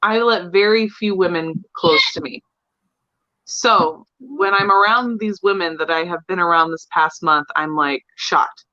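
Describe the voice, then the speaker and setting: A young adult woman co-hosts a podcast, chatting candidly and laughing often in casual conversation. Her voice sits on the low side with a sharp tone and a measured pace. The recording has a dull, lo-fi sound.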